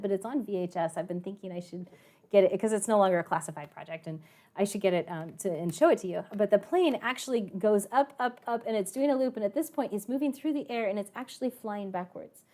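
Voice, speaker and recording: A woman math and science teacher telling a story to her students in a chatty way, with many fillers and acted-out quotes. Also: mid-range voice. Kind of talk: storytelling to students in an online class.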